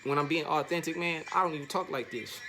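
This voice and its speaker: Over music, a fast-talking man delivers a motivational vlog in a casual, slangy way, repeating himself a lot. Sometimes his voice jumps up, higher and animated.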